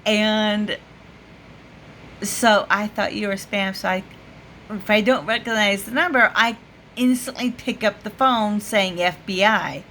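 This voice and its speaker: A woman's voice: mid-range voice, steady tone, unhurried, fairly bright tone, slight background noise. A woman vlogger telling a story to the camera in a casual way, laughing often and full of fillers. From United States.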